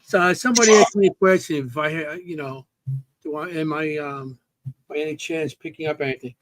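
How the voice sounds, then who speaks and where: A man co-hosting a talk show, speaking softly and hesitantly in a casual chat. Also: a little high, a little fast, poor audio. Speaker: co-host.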